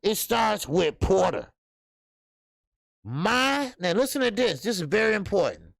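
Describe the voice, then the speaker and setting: A man with an American accent hosting a live boxing talk stream, answering chat in a loose, animated way with lots of fillers. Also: sits high, measured pace, gravelly, no echo, clean studio sound. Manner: animated, talks straight to chat, many fillers and restarts. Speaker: boxing show host.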